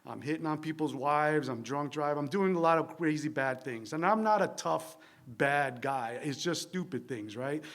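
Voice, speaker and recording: This New Jersey man, voice on the high side and fairly bright, talks at a normal speed as he opens up about his recovery in a church meeting room. His monologue wanders, full of fillers and tag questions, and he pokes fun at himself with dry wit.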